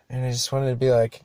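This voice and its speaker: Slow, mellow-voiced man rambling. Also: mid-range voice, no room sound. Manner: rambling, profane, laughs at himself. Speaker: podcast host. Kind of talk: casual monologue.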